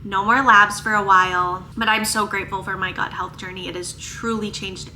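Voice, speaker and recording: A young woman from northern Minnesota, a chiropractor chatting casually to her vlog audience, animated and emphatic. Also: medium pitch, normal speed, noisy background. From northern Minnesota, USA. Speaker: chiropractor and vlogger. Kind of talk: casual get-to-know-me chat.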